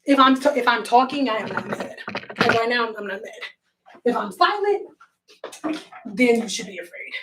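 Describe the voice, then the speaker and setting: A straight-talking woman with a fairly high voice chats casually to her livestream viewers as she works. She sits back from the mic in an echoey room. A faint hum of noise stays behind her. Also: expressive, moderate pace, pauses often, a bit bright, far from the mic. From Detroit, USA. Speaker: hair stylist livestreaming. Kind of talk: casual livestream chat while working.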